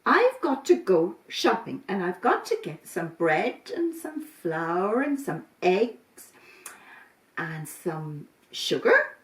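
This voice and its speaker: Fretful mother goat for a storybook reading voiced by a woman, slow and lilting, echoey room, set back from the mic. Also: lowish voice, very animated. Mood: caring. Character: worried mother goat, gentle and caring. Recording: roomy, from a distance.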